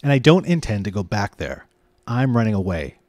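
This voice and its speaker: A man's voice: on the low side, sing-song, brisk, a little mellow, no room sound, clean studio sound. A man reading aloud, voicing an anxious, frightened young boy who pleads and frets. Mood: distraught. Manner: trembling, pleading, fretful.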